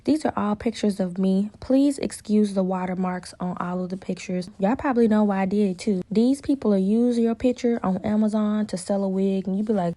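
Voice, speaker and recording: Upbeat woman vlogger, mellow voice, casual chatty hair-tutorial talk in a roomy space. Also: mid-range voice, fairly quick, few pauses. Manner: chatty and upbeat, uses Southern US slang. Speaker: beauty vlogger. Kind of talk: casual chat with devotional talk. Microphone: ring light setup at home.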